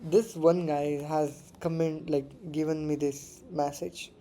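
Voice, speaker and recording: A man's voice: a little high, little pitch movement, slow pace, warm tone, slight background noise. A man giving casual live commentary while trading forex, muttering and repeating words to himself and swearing freely. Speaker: forex trader streaming live.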